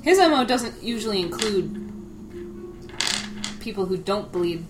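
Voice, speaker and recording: A woman playing a tabletop role-playing game, chiming in with quick, playful remarks. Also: medium pitch, animated, over music. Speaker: player.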